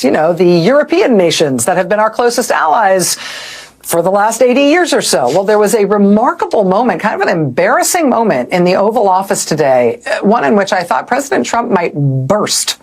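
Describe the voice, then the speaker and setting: A woman hosting a news show, giving sardonic, incredulous commentary. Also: mid-range voice.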